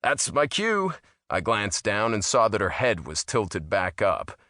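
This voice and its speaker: A man reads a first-person story aloud with wry amusement, his fairly low voice carrying a bright, forceful edge. He sits close to a studio mic in a dry booth, with no room sound around him. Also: measured pace, no echo. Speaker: audiobook narrator. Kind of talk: first-person audiobook narration.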